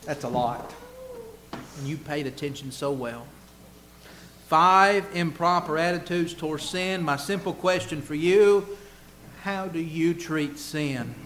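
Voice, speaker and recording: His voice a bit high and his pace slow, a man preaches a forceful sermon full of rhetorical questions, alternating booming emphasis with quiet asides. There's slight noise in the background.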